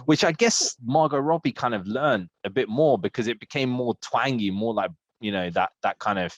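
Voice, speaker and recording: Heard on a dry, lo-fi recording, this podcast co-host has a mid-range male voice and talks at a normal speed. He rambles through a casual chat, piling on fillers and restarts and laughing often.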